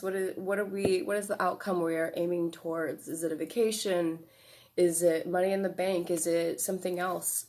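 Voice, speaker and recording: A woman giving a casual self-help lesson, relaxed and encouraging, often checking in with "right?" and fillers. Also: lowish voice. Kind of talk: casual instructional talk.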